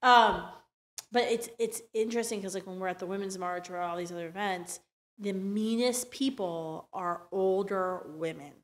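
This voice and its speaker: A woman's voice: medium pitch, moderate pace. A woman hosting a podcast interview, chatty and opinionated, with many "like" fillers. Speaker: host.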